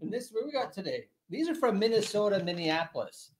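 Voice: mid-range voice, sing-song, fairly quick, a little hiss or hum. A product review host chatting on a casual livestream, laughing often and reading packaging aloud.

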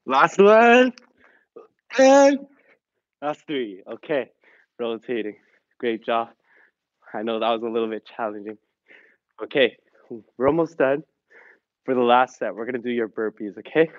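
A man's voice: medium pitch, normal speed, pauses often, no echo, lo-fi sound. A man leading an online fitness class, cheering students on and counting reps in English and Korean, a little out of breath. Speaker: fitness instructor. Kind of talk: online exercise class instruction.

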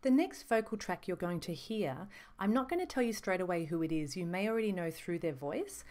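A woman talks through a lesson on voices, measured and explanatory, often slowing down to stress a point. Her voice is slightly low for a woman. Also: lively intonation, darkish tone. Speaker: voice instructor. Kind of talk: reflective teaching monologue.

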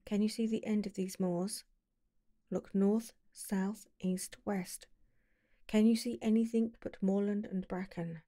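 A woman reading the part of a mysterious young noblewoman falconer, speaking softly and slowly, at times near a whisper. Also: medium pitch, steady tone, no room sound, studio quality, close to an everyday voice. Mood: dreamy. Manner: soft, slow and dreamy, sometimes whispering.

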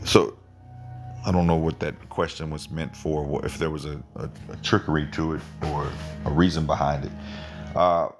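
A middle-aged man hosting his own channel, giving an informal live Bible teaching in a rambling, repetitive way with emphatic jumps in pitch. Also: fairly even intonation, moderate pace, music in the background. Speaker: online channel host.

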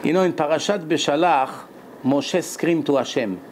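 A man giving a Torah lecture as a rabbi, animated and dramatic, laughing often and acting out quotes. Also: on the high side, normal speed, a little hiss or hum.

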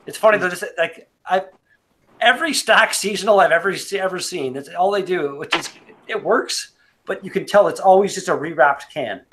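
A man's voice: high-pitched, normal speed, background noise. A man co-hosting a casual beer review chat, rambling with restarts and swearing freely. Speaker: podcast co-host reviewing beer.

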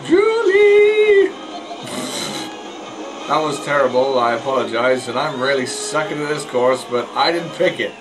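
Talking fairly quickly with hardly any pauses, this gameplay commentator keeps a medium pitch and fairly even intonation. He races online and jokes about his blunders, stumbling on words, with game music running behind him. The recording is rough.

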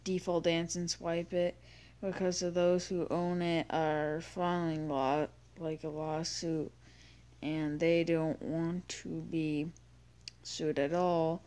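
Teen girl, gaming commentary, slow unhurried chatter, self-mocking, breaks into screams. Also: lowish voice, a little mellow, smooth. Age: teens. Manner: bursts into screams and sing-song humming. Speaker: gaming YouTuber. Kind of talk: gameplay commentary.

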